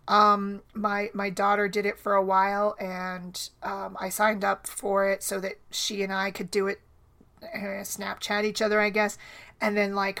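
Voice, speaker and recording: A woman's voice: mid-range voice, fairly bright tone. Chatty woman podcaster with many restarts. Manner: chatty, rambling, frequent "right?" and restarts. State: sinus headache, foggy. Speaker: podcast host. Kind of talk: casual solo podcast talk.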